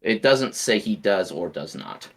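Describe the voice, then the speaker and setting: A man's voice: on the low side, animated, a little slow, gravelly. A man playing a tabletop game who describes his spells vividly and chats casually with the table. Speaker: player.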